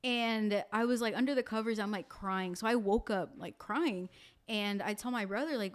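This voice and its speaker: On a casual podcast, a woman with a voice on the high side tells a personal story a little fast and with real animation. She leans on lots of fillers and acts out the voices of the people involved.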